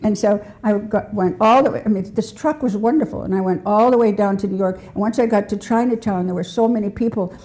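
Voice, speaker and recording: Warm-voiced older woman telling stories. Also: mid-range voice, a little fast, few pauses. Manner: chatty, laughs often, breaks off mid-sentence. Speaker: nonprofit founder giving a talk. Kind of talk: casual storytelling talk with slides. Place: civic center hall.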